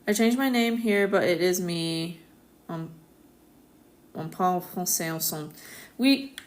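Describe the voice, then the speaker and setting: An American woman in a casual live-stream chat, answering viewers' comments in a relaxed, chatty way and laughing often. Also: lowish voice, unhurried. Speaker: astrologer hosting a live stream.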